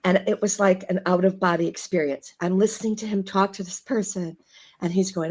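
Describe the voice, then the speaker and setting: A woman from Chicago, a guest actress telling stories in casual chat, animated and laughing as she acts out the people she quotes. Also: medium pitch, brisk. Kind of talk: casual storytelling.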